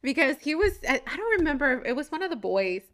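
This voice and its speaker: A woman co-hosting a podcast in casual chat, quick with reactions and laughter. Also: high-pitched, very animated, fairly bright tone. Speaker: podcast co-host.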